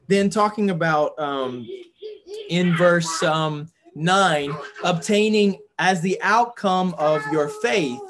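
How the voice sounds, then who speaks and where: A man leading a Bible study group, teaching in an earnest way and thinking aloud with fillers and restarts. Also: on the high side.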